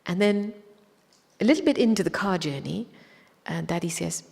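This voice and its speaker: A woman's voice: fairly low pitch, moderate pace, gravelly, a little mellow, husky. A woman spiritual teacher telling a personal story in a reflective way, often dropping to a whisper. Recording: long hall reverb.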